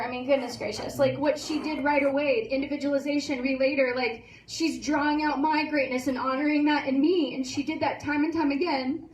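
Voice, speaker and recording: A woman's voice: sits high, recorded from a distance, slight background noise. Emotional, gushing woman in an echoey room. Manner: gushing, tearful, many fillers like "like" and "you know". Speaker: course instructor hosting a graduation. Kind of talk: emotional speech.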